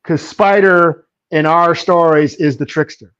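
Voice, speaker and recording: Relaxed man on a dull, lo-fi line. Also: fairly high pitch, unhurried, clean tone. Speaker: podcast co-host. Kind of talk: casual podcast chat. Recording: dull lo-fi sound.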